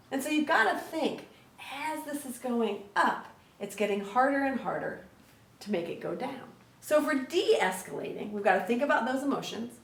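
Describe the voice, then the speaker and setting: A conflict resolution trainer, a woman with a mid-range voice, teaches a lesson to children with plenty of energy, asking questions and tagging lines with "right?". The recording is in an echoey room with the mic at a distance.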